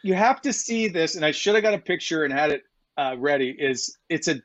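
A man with a slightly high voice co-hosts a podcast, chatting casually and spinning a story with easy laughs. His voice sounds dull and lo-fi, and very dry with no room at all. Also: lively intonation, brisk, a bit bright, no room sound. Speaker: podcast co-host. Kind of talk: casual chat.

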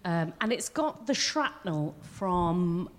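A woman's voice: lowish voice, sing-song, slow pace. A woman co-hosting a podcast, playful and teasing in casual chat. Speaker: co-host.

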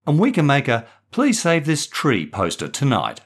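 A man's voice: medium pitch, huge pitch swings, normal speed, slightly rough, pitched above the performer's own voice. A man voicing a sensible older sister, a school captain, in a storybook reading. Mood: keen.

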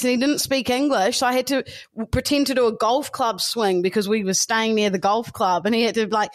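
A woman's voice: a little high, steady tone, a little fast. A woman co-hosting a podcast, teasing and chatty. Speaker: podcast co-host. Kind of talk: casual banter.

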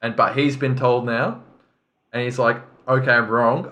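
A man's voice: mid-range voice, fairly even intonation, measured pace, pushed and bright. A man co-hosting a football podcast, telling stories in a rambling, stop-start way with many restarts. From Australia. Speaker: podcast co-host. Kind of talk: casual chat.

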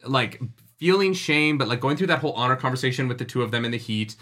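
A man co-hosting a podcast, excitedly chatting about a book he is reading. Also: mid-range voice, fast. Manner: excited, laughing, expressive. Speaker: podcast co-host. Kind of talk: casual book discussion.

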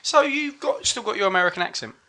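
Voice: medium pitch, animated, fast talker, sharp tone, slight background noise. A podcast host in a casual chat who asks questions and laughs along with the guest.

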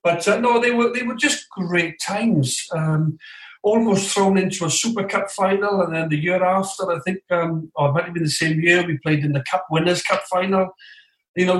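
A man as an interview guest, telling football anecdotes in an animated way and acting out other voices, recorded remotely. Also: high-pitched. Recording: roomy echo, distant from the mic.

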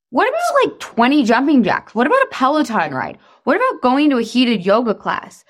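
Woman in her 30s giving a pep-talk style coaching session, chatty, bouncy pitch, lots of "like". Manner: animated, chatty, lots of fillers; breaks into voices for quotes. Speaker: weight-loss coach.

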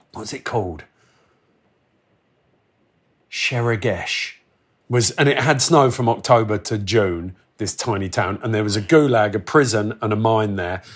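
A man in his forties, telling a wild travel story in casual chat, animated and swearing, acting out the voices of the people in it. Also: lowish voice. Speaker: podcast guest telling travel stories.

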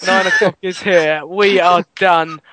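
A man's voice: high-pitched, fairly even intonation, unhurried, pushed and bright, dry recording. A man hosting a casual football fan podcast, reading out listener messages and laughing often. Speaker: podcast host.

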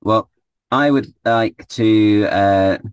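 Low-voiced man playing a tabletop game. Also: very slow, clear, resonant tone, no echo. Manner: laughing, relaxed, filler-heavy. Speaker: player. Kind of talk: casual tabletop play.

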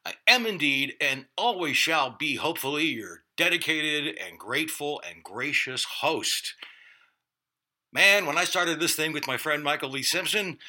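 A man's voice: fairly high pitch, expressive, measured pace, pushed and bright. A middle-aged man hosting a podcast in a casual, jokey, self-mocking way, laughing often and swearing freely. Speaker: podcast host. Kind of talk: casual podcast monologue and interview.

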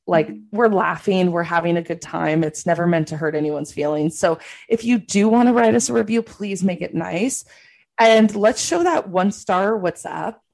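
A woman's voice: lowish voice, darkish tone. A woman co-hosting a podcast in casual chat, earnest and explaining things at length. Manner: earnest, explains at length, rises when worked up. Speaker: podcast co-host.

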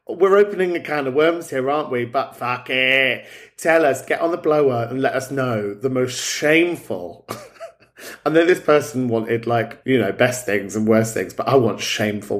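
Male host, cheeky and sweary, easygoing mid-range voice. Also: medium pitch. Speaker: podcast host. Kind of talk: casual chat.

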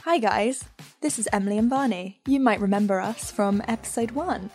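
A woman's voice: medium pitch, moderate pace, music in the background. A woman co-hosting a podcast, playful and giggly in banter with her partner. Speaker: podcast co-host.

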